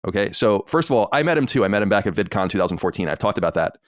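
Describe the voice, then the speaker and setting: A male podcast host talks quickly with a lively, swinging delivery. He is blunt and swears freely as he vents. The mic is close and dry. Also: fairly low pitch, no room sound. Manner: blunt, profane, heated. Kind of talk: casual podcast chat.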